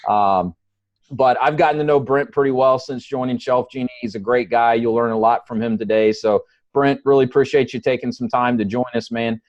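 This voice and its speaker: A man's voice: mid-range voice, steady tone, a little fast, no echo, dull audio. Southern man hosting a webinar. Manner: friendly, loose, many ums and uhs. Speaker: webinar host.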